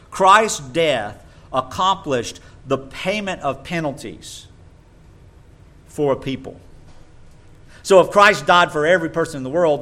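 A man preaching a sermon in an animated way, sometimes mocking others in a high voice.

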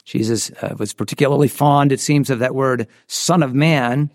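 A man's voice: mid-range voice, normal speed, dry recording, studio quality. A man preaching a sermon in an earnest way, often restarting his phrases. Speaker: pastor.

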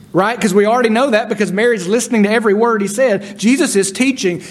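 High-voiced man preaching a sermon. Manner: expressive preaching, voicing biblical characters with shifting loudness. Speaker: pastor.

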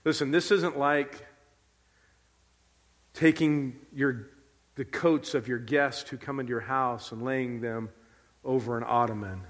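Animated preacher in an echoing hall. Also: male voice, medium pitch, a little slow, pauses often. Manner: animated, emphatic storytelling. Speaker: pastor. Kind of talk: sermon. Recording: long hall reverb.

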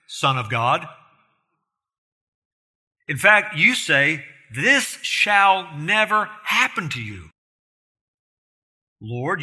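A man's voice: fairly high pitch, bright, forceful tone, husky. A man preaching an expository sermon, earnest and emphatic, often putting rhetorical questions to his listeners. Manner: emphatic, rising in force on key points.

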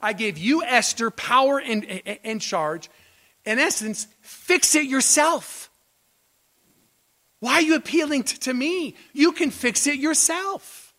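A man's voice: extremely high pitch, lively intonation, slow, bright, forceful tone, pitched above the performer's own voice, exaggerated voice. A man preacher voicing an ancient male king who is impatient and commanding, talking in a raised, insistent way. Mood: exasperated.

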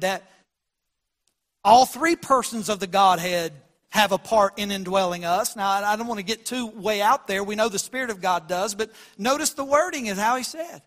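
A man preaching a sermon as pastor, swinging from quiet lows to loud emphatic peaks. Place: church sanctuary.

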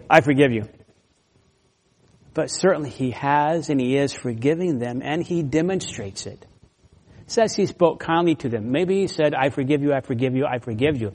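A man's voice: mid-range voice, a little mellow, breathy edge. A man preaching a sermon as pastor, earnest and emphatic, with brief laughs and restarts. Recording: long hall reverb.

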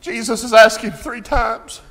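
Man, preacher, high voice, impassioned sermon, shouting at peaks, King James scripture, long hall echo. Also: fairly even intonation, unhurried. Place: church service.

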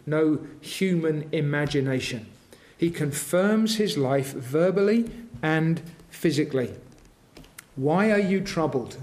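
A man delivers a sermon in a voice pitched notably high for a man. He speaks slowly and deliberately, in an earnest tone that swells into emphatic intensity as he presses his point. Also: darkish tone. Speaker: preacher.

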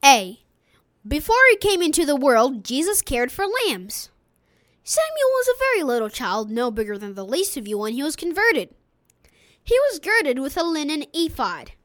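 Earnest woman reading a sermon, high voice. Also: big pitch swings, moderate pace, no room sound. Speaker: audiobook reader.

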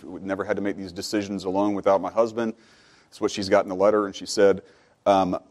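A man preaches a sermon. He speaks plainly and conversationally, then his voice climbs and grows louder as he exhorts the congregation. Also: fairly low pitch. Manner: builds from quiet and conversational to loud, fervent preaching.

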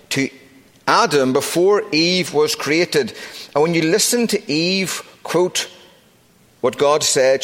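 A middle-aged man preaching a sermon as pastor, emphatic, slowing down to stress key words. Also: fairly high pitch, fairly bright tone. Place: church sanctuary. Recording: long reverb of a church sanctuary.

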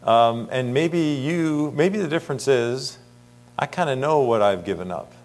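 A man's voice: medium pitch, lively intonation, measured pace, a little mellow. A middle-aged man preaching an earnest Bible sermon, asking the congregation rhetorical questions and reading scripture aloud.

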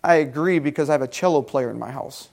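A man preaching a sermon, animated and talking directly with his congregation. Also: a little high, fast, vocal fry. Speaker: pastor.

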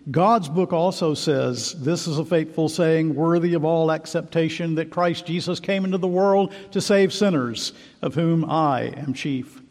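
A man voicing a gentle preacher. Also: fairly high pitch, measured pace, few pauses. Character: kindly male preacher comforting the dying. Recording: long hall reverb.

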